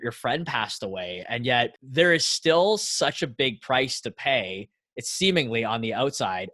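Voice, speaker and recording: Podcast host, man, mid-pitched, dry close sound, relating and searching. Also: fairly bright tone, no room sound. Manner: empathetic, rambling questions. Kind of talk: interview questions.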